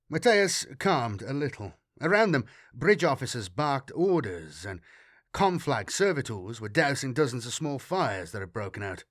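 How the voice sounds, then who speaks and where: Man reading a sci-fi audiobook, steady dramatic delivery, mid pitch, dry close sound. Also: normal speed, no echo. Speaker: audiobook narrator. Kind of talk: scripted narration.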